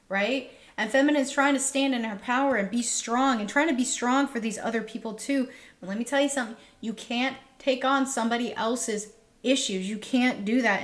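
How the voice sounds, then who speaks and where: A woman giving a tarot reading to her viewers, talking in an earnest, emotional way and repeating herself often. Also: fairly high pitch. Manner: earnest, repetitive, emotional, addresses viewers directly. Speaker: tarot reader. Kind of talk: spiritual tarot reading monologue.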